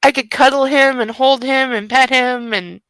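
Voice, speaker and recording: A woman's voice: high voice, steady tone, moderate pace, a bit bright, clear, resonant tone, no echo, rough recording. Chatty, sarcastic woman hosting a book club. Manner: chatty, mocking asides, many fillers. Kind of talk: sarcastic reading commentary.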